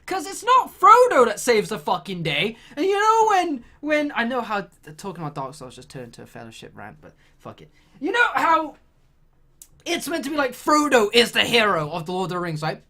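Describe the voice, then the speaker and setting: A woman's voice: fairly high pitch, huge pitch swings, moderate pace, bright, forceful tone. A woman delivering a sweary, exasperated comedic rant.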